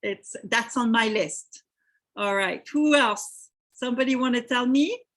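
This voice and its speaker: A woman's voice: a little high, a little slow, a bit bright. A woman with a French accent hosting a live webinar, chatting with attendees and reading their names from the chat. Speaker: webinar host.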